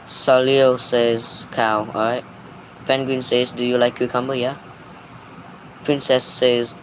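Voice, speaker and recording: Man, livestream host, reading chat, flat delivery, unhurried, faint background hum. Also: rough recording. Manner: flat, unhurried, low-key replies. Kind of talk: reading live chat aloud.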